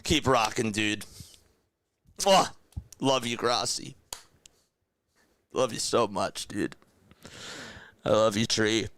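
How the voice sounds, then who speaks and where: A young man calling baseball play-by-play on a live charity stream through a headset, loudly thanking donors and then speaking softly and emotionally. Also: on the low side, slow pace, pauses often. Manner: excitable, shouts thanks to donors, turns emotional and quiet.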